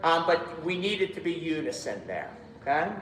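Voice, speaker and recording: A man's voice: a little high, sing-song, normal speed, a bit bright, echoey room, in a large hall, a little hiss or hum. A man directing a choir rehearsal, giving instructions and singing lines himself to show how they should go. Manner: demonstrates lines by singing, counts in.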